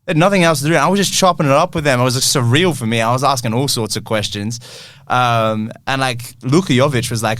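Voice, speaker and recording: A man's voice: medium pitch, fast talker, fairly bright tone, no room sound, studio quality. A young man, a football kit store owner, telling a long story in casual chat, laughing and acting out his own reactions.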